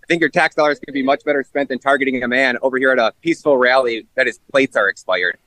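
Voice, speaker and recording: A man's voice: mid-range voice, fast, bright, forceful tone, dry recording, rough recording. A man reporting live on a stream, indignant and rallying his viewers.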